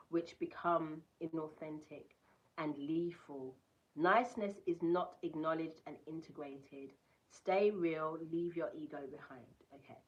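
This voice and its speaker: Lady doing a chill card reading, lowish voice, chatty asides between card texts. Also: highs cut off. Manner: chatty, reads card text aloud with asides. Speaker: tarot reader. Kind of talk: casual collective card reading.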